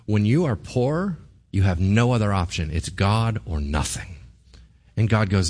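A man's voice: fairly low pitch, measured pace. A man preaching a sermon in a church, telling stories animatedly and putting questions to the congregation. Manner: animated, asks the audience questions. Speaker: pastor.

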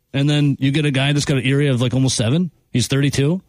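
A man's voice: medium pitch, animated, rapid-fire, darkish tone, no echo. A man hosting sports talk radio in a studio, joking and giving blunt opinions. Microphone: studio mic.

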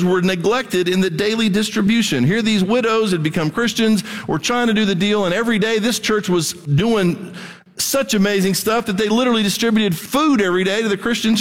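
A middle-aged man preaching a sermon to his church, talking conversationally with blunt emphasis. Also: high voice. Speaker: pastor. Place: church hall. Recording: long hall reverb.

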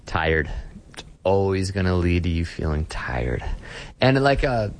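Male pastor, deep low voice, earnest and conversational, stumbles and restarts. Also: very animated, unhurried, slight background noise. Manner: earnest, repeats words when starting sentences. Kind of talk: conversational interview.

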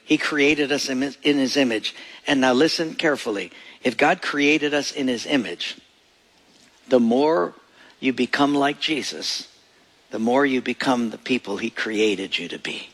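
A man preaching a sermon as pastor, storytelling and acting out voices in his anecdotes, with a gravelly voice. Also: a little high, a bit bright. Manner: storytelling, acts out voices in quoted jokes. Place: church sanctuary. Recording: long reverb of a large hall.

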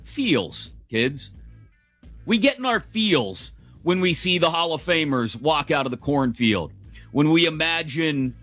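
A man's voice: a little high, lively intonation, measured pace, fairly bright tone, soft background music. A middle-aged man hosting a morning sports talk show, chatty and opinionated, laughing as he goes, on a close studio mic. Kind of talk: casual sports radio commentary.

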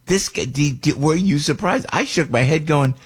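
A man's voice: a little high, normal speed, husky. A middle-aged American man hosting a talk radio show, rambling and opinionated, with many restarts and asides.

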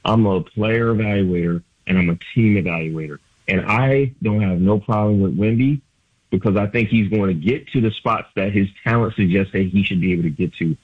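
Guy calling in on a phone line, kinda low voice, dry, says like a lot. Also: brisk, slightly rough, no room sound. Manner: loose and emphatic, lots of filler likes. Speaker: sports writer guest. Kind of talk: casual sports radio analysis.

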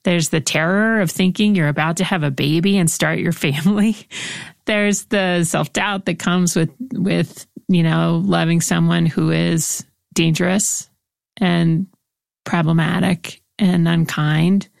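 A woman hosts an interview with a low, gravelly voice, close and dry on the mic. She speaks in a reflective, empathetic way. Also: fairly even intonation, unhurried, dry recording. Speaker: host. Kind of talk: interview conversation.

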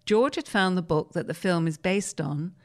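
A woman presenting and reading newspaper articles aloud in a measured, plain way. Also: fairly low pitch.

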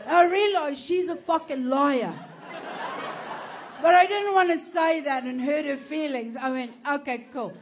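A woman's voice: sits high, measured pace, slight background noise. A woman doing a stand-up comedy set, telling a story in a brash, profane way.

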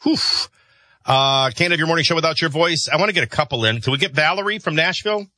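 Chatty bright-voiced male talk radio host. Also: on the high side, fast, no echo. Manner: chatty, jokey asides.

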